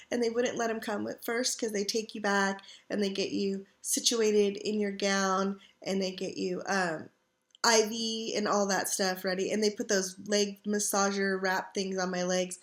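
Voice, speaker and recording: A middle-aged woman chatting casually from her couch at home, sore and tired while recovering from surgery, rambling with lots of fillers. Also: medium pitch. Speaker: vlogger. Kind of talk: casual chat.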